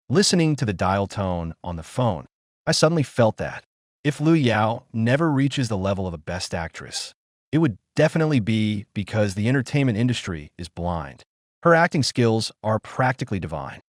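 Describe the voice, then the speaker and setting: A man narrating a first-person story in an expressive, emotional reading. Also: on the low side, normal speed, dry recording, clean studio sound.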